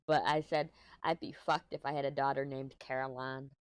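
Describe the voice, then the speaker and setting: A woman's voice: very deep voice, level tone, moderate pace, smooth, no echo. A middle-aged woman from Texas with a Texan accent, chatting casually while she crafts. She rambles from topic to topic, swears offhandedly, and sounds a little stuffy. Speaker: craft vlogger.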